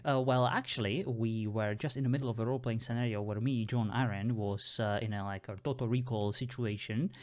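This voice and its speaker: A man's voice: medium pitch, fairly even intonation, a little fast, few pauses. A man playing a text adventure who talks in a casual, rambling way. He fills his sentences with "uh" and "like" as he tries to explain himself. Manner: rambling, full of uh fillers. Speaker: player. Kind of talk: casual role-play chat.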